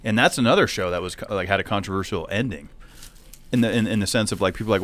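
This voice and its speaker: Fast-talking low-voiced man host. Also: fairly bright tone. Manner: rapid, rambling with restarts. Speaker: podcast host. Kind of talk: casual chat.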